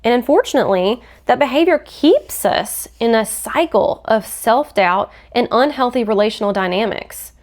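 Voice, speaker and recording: A woman's voice: fairly high pitch, animated, moderate pace, hardly any pauses, a little mellow. A woman hosting a faith-based podcast, teaching in an earnest, explanatory way and acting out quoted phrases. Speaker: podcast host.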